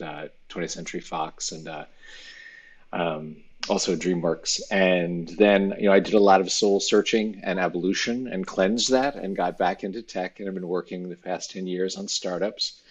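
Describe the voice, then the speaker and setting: A man speaking as a startup cofounder in an interview, relaxed and reflective. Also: low-pitched, normal speed, husky. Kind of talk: casual interview talk.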